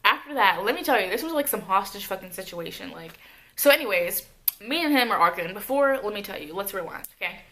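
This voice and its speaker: A young woman with a bright, forward voice tells a story to camera. She swears freely and keeps breaking off for asides, loose and animated throughout. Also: medium pitch, quick pace. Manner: profane, animated retelling with asides. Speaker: vlogger. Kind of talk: casual storytime monologue.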